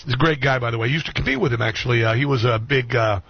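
A man's voice: medium pitch, very fast, slightly rough, no echo, highs cut off. A middle-aged man hosting a talk radio show, speaking earnestly to his listeners and repeating key phrases for emphasis. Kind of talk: heartfelt monologue to listeners. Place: radio studio.

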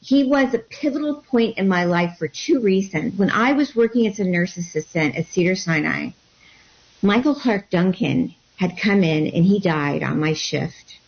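A woman guest telling a personal story in an interview, animated and acting out what people said. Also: on the low side, moderate pace, creaky. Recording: dull lo-fi sound.

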